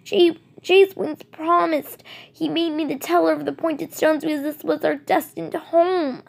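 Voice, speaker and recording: A woman reading the part of an old white she-cat, a wistful stone teller, speaking softly with sighs. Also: high voice, steady tone, a little slow, vocal fry, voice pushed up. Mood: shocked. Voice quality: soft, sighing delivery.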